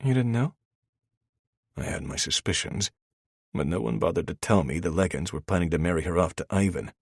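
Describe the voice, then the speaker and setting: Brief: very deep, gravelly, husky male narrator, dry studio sound. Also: fairly quick, no room sound. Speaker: audiobook narrator. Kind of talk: first-person romance narration.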